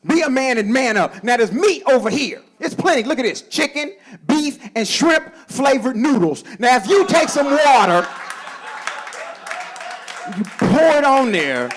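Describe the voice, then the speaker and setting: Animated stand-up comic working a crowd. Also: male voice, extremely high pitch, a little slow. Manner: animated, talks to the crowd, acts out voices. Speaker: stand-up comedian. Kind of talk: stand-up comedy set. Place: comedy club stage with a live audience.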